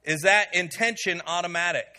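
Teaching a Bible study to people gathered in a room, a man uses a sharp voice that sits high, at a normal speed. His style is conversational, with frequent "okay"s and fillers and questions aimed at the room.

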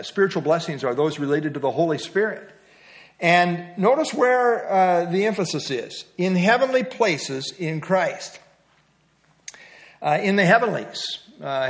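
A middle-aged man teaching an evening Bible study in a conversational way, asking his listeners questions. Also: fairly high pitch. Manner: conversational, asks the group questions.

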